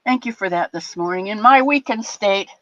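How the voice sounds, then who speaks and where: An older woman hosts a livestream, chatting affectionately with her live chat viewers at a moderate pace in a medium-pitched, fairly bright voice. She's a bit teary and rambles, restarting her sentences often. The audio is dry, dull, and lo-fi.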